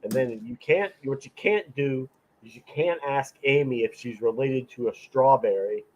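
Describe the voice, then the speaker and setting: A man's voice: mid-range voice, moderate pace, a little mellow, lo-fi sound. A man co-hosting a podcast, mocking his opponents and mimicking them in casual ranting chat. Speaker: podcast co-host.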